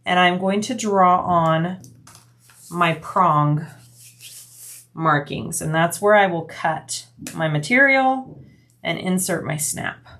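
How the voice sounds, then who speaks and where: A woman's voice: on the low side, slow, pauses often, a bit bright. A woman hosting a bag-making tutorial, chatting casually as she explains each step while she works.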